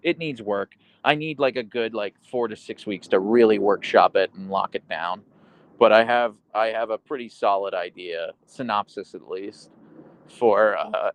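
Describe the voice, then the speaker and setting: A man live streaming from home, casually chatting and reading viewer comments aloud, and talking to his dogs. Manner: reads chat aloud, chatty and meandering; baby talk to his dogs in high pitch. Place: home in Seattle.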